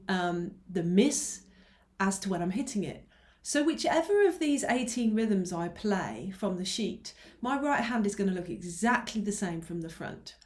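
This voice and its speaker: A woman's voice: mid-range voice, darkish tone. A woman teaching an online ukulele lesson, patiently explaining rhythms and counting beats aloud. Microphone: mic close by, teacher moves nearer. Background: ukulele strumming.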